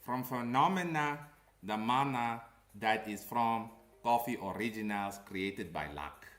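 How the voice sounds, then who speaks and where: Man, comic creator ranting to camera: blunt, animated, slangy, recorded in an echoey room. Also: fairly low pitch, measured pace. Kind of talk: casual ranting commentary.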